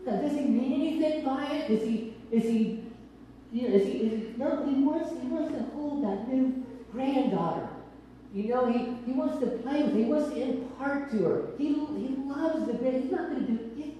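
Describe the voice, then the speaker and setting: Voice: high voice, moderate pace, warm tone, a little hiss or hum. Preacher, informal sermon, storyteller who plays the quotes; distant mic, long hall reverb. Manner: tells stories and acts out quoted characters. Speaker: preacher teaching on spiritual gifts.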